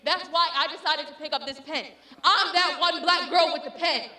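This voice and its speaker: A woman's voice: high-pitched, steady tone, normal speed, echoey room, very noisy. A woman performing a spoken word poem with a rhythmic, impassioned and defiant delivery. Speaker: student poet.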